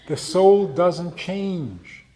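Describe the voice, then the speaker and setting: A man, a rabbi, giving an unhurried storytelling lecture, stretching key words for emphasis. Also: high-pitched, dark tone, a little hiss or hum.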